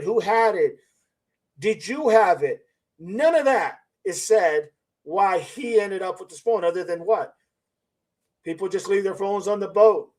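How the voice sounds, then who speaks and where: Guy doing a live commentary stream, fairly high voice, keeps asking questions and repeating himself, skeptical. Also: darkish tone, rough recording. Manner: reads viewer comments aloud. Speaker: channel host.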